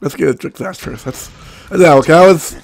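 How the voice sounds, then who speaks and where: A sick man with a cracking voice giving rambling, excitable gameplay commentary, swearing often. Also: fairly high pitch, normal speed, vocal fry. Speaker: let's play gamer.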